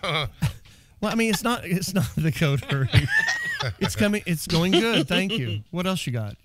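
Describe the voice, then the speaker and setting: A man's voice: sits high, big pitch swings, normal speed, fairly bright tone, slight background noise. A man hosting a radio talk show in a studio, joking and teasing his crew and laughing often. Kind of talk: casual radio banter.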